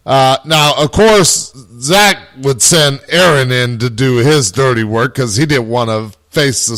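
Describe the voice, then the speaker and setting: Male host, unhurried delivery, mid-pitched, interviewing a guest. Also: a bit bright. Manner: brief agreeing interjections. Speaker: radio show host. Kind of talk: casual interview.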